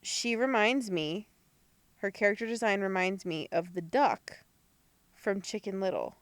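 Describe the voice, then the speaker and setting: A woman's voice: medium pitch, lively intonation, unhurried, dry recording. A young woman co-hosting a casual chat podcast, playful and teasing, laughing a lot. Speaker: podcast co-host.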